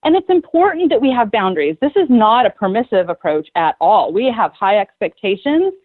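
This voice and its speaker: A woman psychotherapist talks earnestly on a podcast as a guest, telling animated stories. Her voice is middle-pitched. The sound is thin and phone-like, with no room echo. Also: a little fast. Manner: earnest, animated storyteller who acts out quoted people. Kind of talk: conversational podcast interview. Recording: tinny phone-like line, dry.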